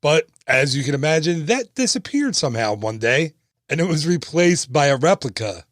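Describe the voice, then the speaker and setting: A podcast host with a fairly high voice tells stories in a casual, chatty way. He laughs at himself now and then. The recording is dry and close. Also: sing-song, moderate pace, no room sound. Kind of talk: casual storytelling narration.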